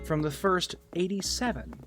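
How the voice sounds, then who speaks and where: A man's voice: high-pitched, big pitch swings, moderate pace, fairly bright tone, faint music behind. A man chatting casually on a gaming livestream, rambling, joking and swearing. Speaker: streamer.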